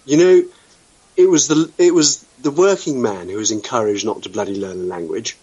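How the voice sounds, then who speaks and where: A man's voice: mid-range voice, fairly even intonation, normal speed, dark tone, husky, highs cut off. A man from the UK hosting an internet radio talk show, wry and blunt, throwing out sweeping opinions with the odd swear word. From United Kingdom.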